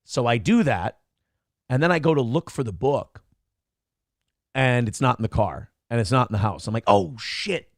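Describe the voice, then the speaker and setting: A man's voice: mid-range voice, sing-song, moderate pace, long pauses, no echo, clean studio sound. A young man co-hosting a morning show, telling a story animatedly, acting out quotes and swearing freely. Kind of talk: casual storytelling chat.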